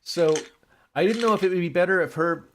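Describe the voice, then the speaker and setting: A man's voice: high voice, a little fast, a little hiss or hum. A man in casual chat, rambling through a script recap and acting out characters' lines.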